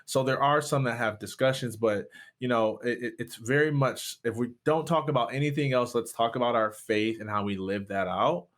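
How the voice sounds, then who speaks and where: A man's voice: mid-range voice, steady tone, normal speed, a bit bright. A man from Michigan, a pastor, telling a personal story in an interview with rising passion. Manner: impassioned, voice rising sharply at peaks. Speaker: guest, pastor and speaker.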